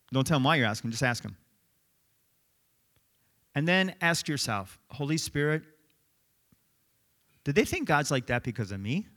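A middle-aged man preaching a sermon, telling stories in an animated, conversational way. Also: mid-range voice. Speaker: pastor.

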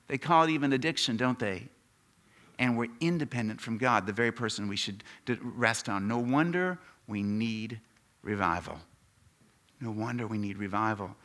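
Bright-voiced preacher with sweeping dynamics. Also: male voice, fairly low pitch, moderate pace. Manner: preaching with big swings from quiet to loud, asks the congregation questions. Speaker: pastor. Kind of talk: sermon.

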